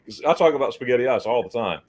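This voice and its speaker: A man's voice: mid-range voice, animated, rapid-fire, a little mellow. A man hosting a livestream chat, telling a story in a loose, rambling way, often repeating words and acting out what people said. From United States. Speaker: host.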